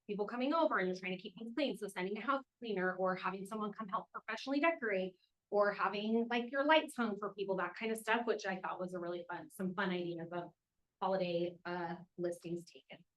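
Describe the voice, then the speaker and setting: A woman's voice: mid-range voice, fairly bright tone, low-quality recording. A woman hosting a team meeting, reading out award winners in an upbeat way and cheering them on. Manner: upbeat, cheers names with quick whoops. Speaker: meeting host announcing awards.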